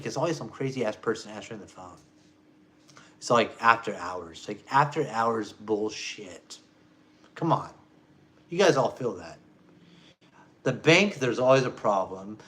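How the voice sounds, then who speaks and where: Loud jabs give way to low mutters as a man vlogs to camera, ranting emphatically and cursing throughout.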